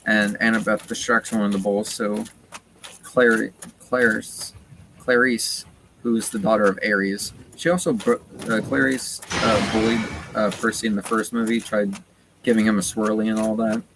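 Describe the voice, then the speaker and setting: A man's voice: lowish voice, steady tone, moderate pace, a bit bright, poor audio. A man casually retelling a story while playing a game, rambling with lots of fillers. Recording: noticeable background noise.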